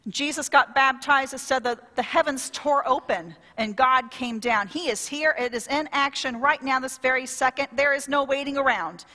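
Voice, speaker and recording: In a large hall, a woman pastor preaches in an energetic, chatty style, prompting the congregation to call back. She speaks high-pitched at a moderate pace, with few pauses.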